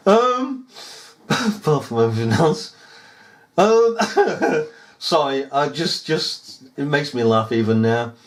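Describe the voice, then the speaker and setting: A man ranting in a rambling monologue, mocking and chuckling as he talks. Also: on the high side.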